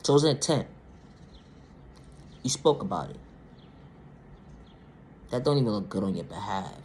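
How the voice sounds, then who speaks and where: A woman vlogger delivering a blunt, profane monologue rant, swinging between low, quiet stretches and loud, high outbursts. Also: lively intonation, normal speed, slight background noise. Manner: blunt, profane, repeats "ma'am, sir" and "respectfully".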